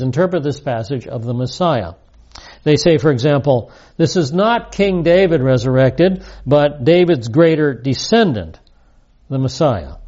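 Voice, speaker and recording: Male Bible teacher with a mellow, unhurried delivery, slightly dull sound. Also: medium pitch. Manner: measured teaching, reads verses aloud with emphasis. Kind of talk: recorded Bible lesson.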